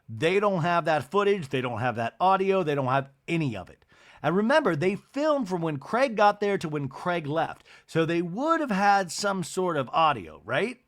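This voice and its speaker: Animated man recapping reality TV. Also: a little high. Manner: animated, profane, acts out the cast's lines in quick voices. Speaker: podcast host.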